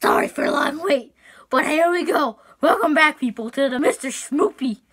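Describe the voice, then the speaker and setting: A woman's voice: sits high, expressive, moderate pace, a bit bright. A woman hosting her own online show, chatting casually in a rambling, profane way. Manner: rambling and profane, with frequent restarts. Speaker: show host. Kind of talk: casual rambling vlog chat.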